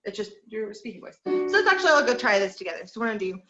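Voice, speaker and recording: A woman's voice: medium pitch, sing-song, very fast, hardly any pauses, roomy sound, lo-fi sound, over music. A woman teaching an online group singing lesson, encouraging her students and counting through number drills. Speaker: vocal teacher.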